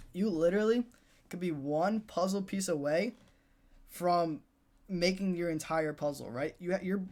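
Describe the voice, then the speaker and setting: Young man, high voice, casual motivational trading talk, repetitive, says "dude" and "right?". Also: a little mellow. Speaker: day trading coach.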